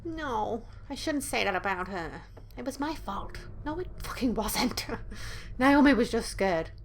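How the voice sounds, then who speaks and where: A woman's voice: a little high, animated, measured pace, slight background noise. A woman playing through a horror game, reading the story aloud dramatically and breaking in with blunt, profane asides. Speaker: let's play gamer.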